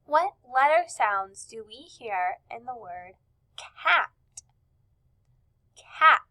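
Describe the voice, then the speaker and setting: A woman teacher leading a recorded reading lesson, sounding out words slowly and clearly in an encouraging, upbeat tone. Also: high voice, bright, forceful tone, low-quality recording.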